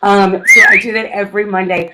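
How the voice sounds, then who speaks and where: A woman's voice: medium pitch, wildly swooping pitch, fairly quick, very noisy. A woman comedian who is a guest on a radio talk show, bubbly and rambling, laughing often. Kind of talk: casual radio chat.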